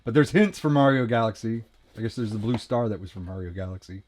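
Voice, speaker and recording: A man's voice: fairly low pitch, quick pace, darkish tone. A man hosting a podcast, chatting casually, rambling and correcting himself, laughing often. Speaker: podcast host. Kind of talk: casual chat.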